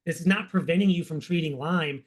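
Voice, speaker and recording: A man's voice: a little high, fairly quick. A man, a guest practitioner on a podcast, explaining his approach in an emphatic, plain-spoken way. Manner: emphatic, plain-spoken, repeats key points. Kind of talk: conversational explaining.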